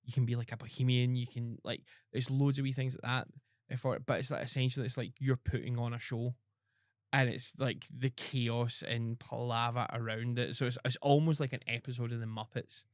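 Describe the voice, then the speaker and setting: A man's voice: mid-range voice, flat delivery, a little fast, dry recording, studio quality. A man hosting a podcast, rambling with lots of ums and restarts. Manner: rambling, many fillers and restarts. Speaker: podcast host. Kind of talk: casual chat.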